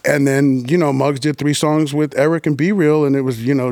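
A middle-aged man from New York telling stories as a podcast guest, animated and profane, with quick restarts and acted-out quotes. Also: medium pitch, no room sound, studio quality. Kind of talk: casual interview storytelling.

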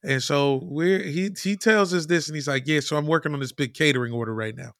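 Man, casual storyteller, animated, swears, imitates people, slightly high voice, dry sound. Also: brisk, dry recording.

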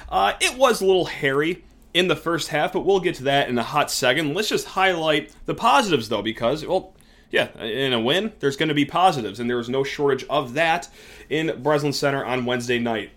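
A man's voice: fairly high pitch, animated, a little fast, fairly bright tone. A man hosting a sports podcast, talking casually and joking, sometimes with sarcasm. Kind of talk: casual sports talk commentary.

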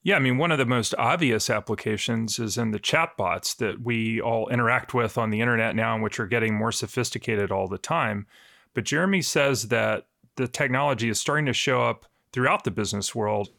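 Gravelly man reporting on a news podcast. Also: mid-range voice, brisk, dry recording, studio quality. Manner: relaxed, explanatory, joking.

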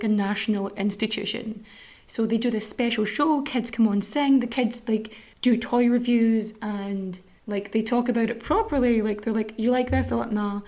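This podcast host is a woman from Ireland with a dark-toned, medium-pitched voice. She talks candidly in casual chat and curses without restraint.

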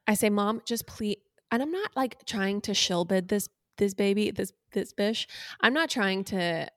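Young woman, podcast co-host, animated storyteller, acts out the quotes, mid pitch, dry close sound. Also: measured pace, no echo. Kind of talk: casual chat.

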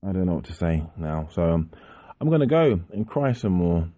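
A man's voice: deep voice, sing-song, moderate pace, warm tone, dry recording. A man delivering a frustrated ranting monologue for a podcast, repeating himself as he vents. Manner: frustrated, repetitive. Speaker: podcast pundit.

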